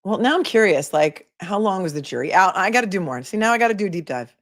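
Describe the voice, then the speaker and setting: A woman's voice: medium pitch, animated, fast. A woman, an attorney, hosting a casual livestream, chatting and laughing often as she reads viewer comments aloud.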